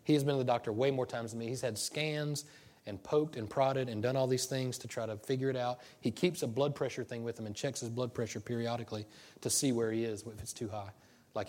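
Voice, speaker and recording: A man, a pastor telling a personal story from the pulpit in an animated, self-deprecating way. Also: mid-range voice. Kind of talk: sermon storytelling.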